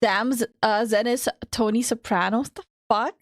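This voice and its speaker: A woman streamer chats casually with her partner, teasing and swearing between frequent laughs. Her voice sits somewhat high. The sound is dry and close to the mic. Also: steady tone, moderate pace, dry recording. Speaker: streamer co-host.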